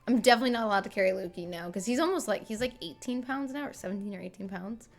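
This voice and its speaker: A woman's voice: mid-range voice, rapid-fire, soft background music. A woman in her thirties chatting casually and fondly on a home livestream, bubbly and talkative. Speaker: streamer.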